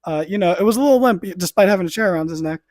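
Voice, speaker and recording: A man hosting a podcast, giving a lively play-by-play recap in casual chat, with offhand asides and the odd swear. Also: sits high, rapid-fire, dry recording. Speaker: podcast host.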